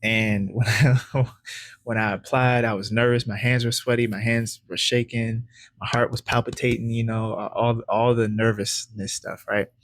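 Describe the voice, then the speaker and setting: A man vlogging his personal story to camera, animated and laughing often as he acts out his past thoughts. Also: medium pitch, moderate pace, dry recording. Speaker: credit educator vlogger.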